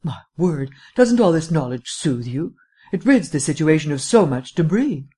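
A man voicing a languid, foppish gentleman detective with a drawling, affected upper-class wit. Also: fairly high pitch, sing-song, moderate pace, husky. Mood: airy drawl.

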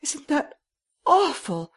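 A man voicing an anxious, tearful lady rider in a shrill, pleading tone for an audiobook. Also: very animated, normal speed, breathy edge. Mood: distressed. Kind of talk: audiobook character reading.

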